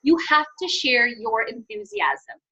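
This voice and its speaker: A woman's voice: on the high side, animated, unhurried, pushed and bright, rough recording. A woman coaching her sales team on a conference call, enthusiastic and acting out sales conversations. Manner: enthusiastic, acts out sales dialogues. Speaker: network marketing team trainer.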